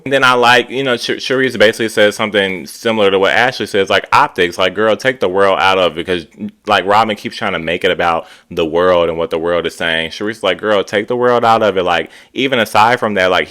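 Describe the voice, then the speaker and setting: Chatty man with a deep, bright voice. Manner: chatty, animated, quotes cast members in character. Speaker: reality TV reviewer. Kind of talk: casual commentary.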